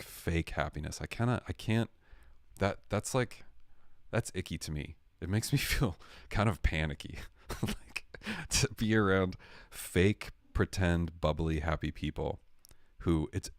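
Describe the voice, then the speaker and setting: A man's voice: sits low, no room sound, clean studio sound. A young man hosting a livestream, rambling through a casual, sarcastic comedic rant full of swearing. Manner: rambling, sarcastic, swearing, lively impressions of others. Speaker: livestream host.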